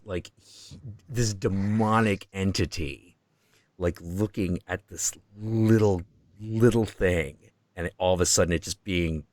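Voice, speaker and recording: A man with a very deep voice hosts a stream and tells a story in a profane, excitable way. He acts out the quotes as he goes. The sound is dry and close. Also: no echo. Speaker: host.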